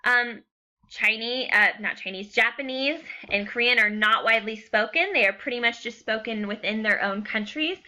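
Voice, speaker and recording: Chatty woman teacher, bright voice. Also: a little high, normal speed. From United States. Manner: chatty, filler-heavy, checks in with "okay". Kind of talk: recorded classroom lecture.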